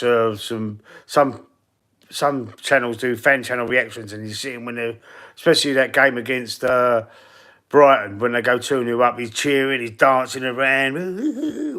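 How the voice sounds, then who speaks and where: A man's voice: mid-range voice, bright, forceful tone. A man from London with a London accent, chatting casually on a live stream as a football fan, rambling, laughing often and swearing now and then. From London, England. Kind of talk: casual live-stream chat reading comments.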